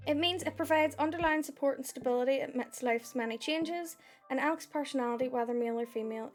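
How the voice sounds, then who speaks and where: A woman, chatting casually on a live stream while reading oracle cards, giggly and swearing, with a sore throat. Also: high-pitched.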